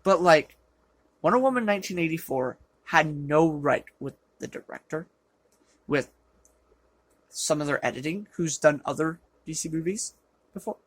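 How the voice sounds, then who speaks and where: A film reviewer ranting through a sarcastic movie review, exasperated and prone to loud outbursts, with a voice they call rough, recorded on a low-quality camera. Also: no echo. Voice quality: self-described rough voice.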